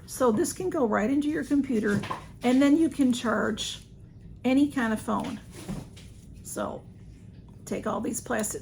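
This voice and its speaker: Woman vlogger, rambling chatty haul talk, slightly hoarse, higher voice, faint room hum. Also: darkish tone. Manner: chatty, rambling, talks to her cats. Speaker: vlogger reviewing a shopping haul. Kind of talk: casual haul video chat. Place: home.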